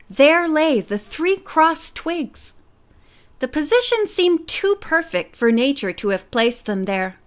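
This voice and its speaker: A woman narrating a mystery novel as an audiobook. Her voice sits high, and she tells the story in a steady, clear way.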